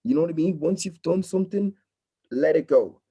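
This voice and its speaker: A man's voice: fairly high pitch, fairly quick, vocal fry, slightly rough, highs cut off. A young man from Nigeria, a drama student, talking casually and earnestly in an interview over a video call, encouraging and often adding "you know what I mean". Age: young adult.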